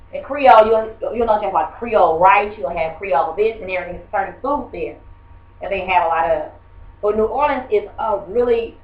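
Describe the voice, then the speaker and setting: A woman teacher, giving a rambling, conversational classroom lesson and quizzing the class. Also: medium pitch. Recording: muffled echoey room from far off.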